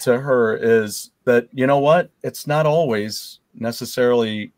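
Male host, mid-pitched voice, dry sound, empathetic storyteller. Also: measured pace, a little mellow, no echo. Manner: empathetic, storytelling, frequent fillers. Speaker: podcast host. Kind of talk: casual interview chat.

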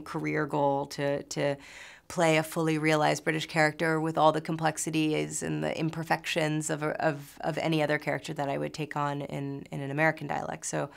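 A woman's voice: low voice, monotone, normal speed, vocal fry. A woman from New York in her thirties, an actress answering interview questions in a chatty way, full of fillers and restarts.

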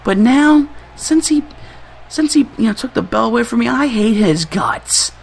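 A young man hosting a gaming channel, giving excitable, trash-talking gameplay commentary and laughing often. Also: very high-pitched, normal speed, vocal fry, slightly rough.

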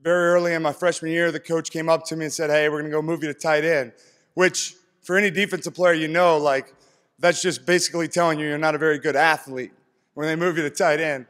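A man's voice: on the high side, level tone, quick pace, a bit bright. A man in his thirties from East Tennessee giving an earnest, heartfelt acceptance speech on a stage. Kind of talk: speech to an audience. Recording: long hall reverb from PA.

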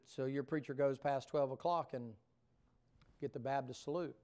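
A man's voice: mid-range voice, steady tone, normal speed, darkish tone. A man preaching at a revival in a church. He talks in a homespun, joking way, then builds to fervent preaching in front of the congregation. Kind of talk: folksy revival sermon. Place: church sanctuary before a congregation.

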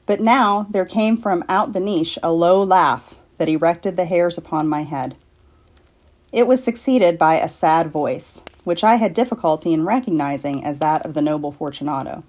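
A woman from a library reading a classic story aloud in a measured, deliberate way. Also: lowish voice, lively intonation, a little mellow. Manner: measured, deliberate, slowing for effect. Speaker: library staff reader.

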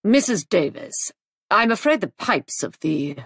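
A woman's voice: mid-range voice, sing-song, unhurried, creaky, a bit bright, husky, no room sound, studio quality, heavily acted. A woman voicing a stiff, guarded older army man who speaks in a clipped, terse way in an audiobook. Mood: tense.

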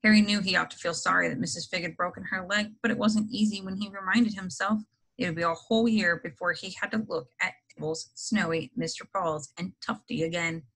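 Bright woman reading a storybook aloud. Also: lowish voice, fairly quick, poor audio. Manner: expressive storybook narration. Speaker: reader.

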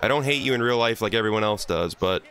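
Fast and angry, this let's-play commentator rants profanely at the fighting game he's playing on his gaming channel. His voice is fairly low and fairly bright, with lively intonation, and he sounds thoroughly exasperated.

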